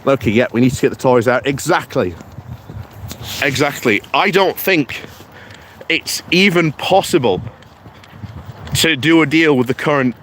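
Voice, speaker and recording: A man's voice: medium pitch, animated, a bit bright, a little hiss or hum. A British man hosting a political live stream, chatting casually and reading out viewer comments in a rambling way with many fillers. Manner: slow, rambling, with frequent fillers.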